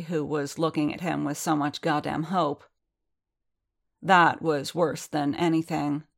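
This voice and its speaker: A woman narrating a novel in an audiobook, reading in a measured, steady storytelling manner. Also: sits low, creaky. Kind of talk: scripted narration.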